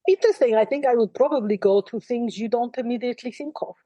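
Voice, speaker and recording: A woman channelling an ancient, wise spirit in trance, speaking in a calm, measured and dryly wry way, at times in a soft, breathy near-whisper. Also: on the high side, no room sound, natural voice, low-quality recording. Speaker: trance medium.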